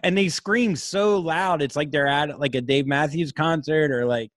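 Joking casual podcast host, dry sound. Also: male voice, on the high side, moderate pace, fairly bright tone, dry recording. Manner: crude, joking, slips into mock voices. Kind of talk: casual chat over a video call. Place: remote location on weak Wi-Fi.

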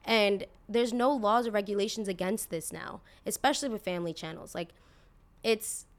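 A woman in her twenties hosting a podcast, talking in a blunt, indignant, casual way, full of "like" and the odd swear word. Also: mid-range voice. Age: 20s. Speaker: podcast host. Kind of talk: casual opinion podcast monologue.

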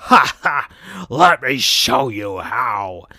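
A man voicing a brutish, murderous crocodile man with a drawn-out snarling delivery in a comedic fan-fiction reading. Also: medium pitch, big pitch swings, sharp tone, no room sound, clean studio sound, exaggerated voice. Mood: menacing.

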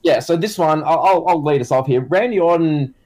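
A man's voice: a little high, a little fast, darkish tone. A man co-hosting a casual comedy chat who tells rambling stories full of fillers and restarts. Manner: rambling, filler-heavy storytelling. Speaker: co-host.

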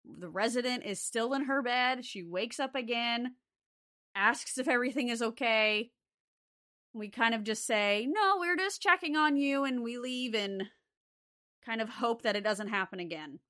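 Slow, bright-voiced young woman. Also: on the high side. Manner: unhurried, frequent "like" fillers. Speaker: former care aide. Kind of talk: casual spoken ghost story.

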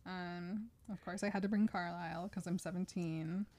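Woman reading out a dry deadpan teen vampire boy, protective, pretty much her own voice. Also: on the low side, moderate pace, lightly acted. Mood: wry. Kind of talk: casual retelling with quoted lines.

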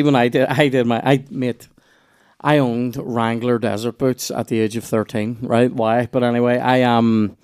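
A man's voice: mid-range voice, darkish tone, clear, resonant tone. A Northern Irish man telling loose, rambling stories in casual podcast chat, with restarts and swearing.

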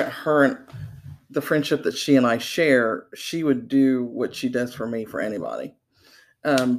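An older woman guest speaking hesitantly, with many pauses and fillers. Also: extremely low pitch, a little mellow. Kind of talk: interview conversation.

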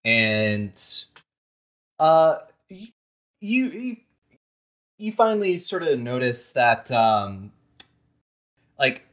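A game master narrating a tabletop game, softly and hesitantly, with many fillers. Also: medium pitch, sing-song, extremely slow, long pauses, rough recording.

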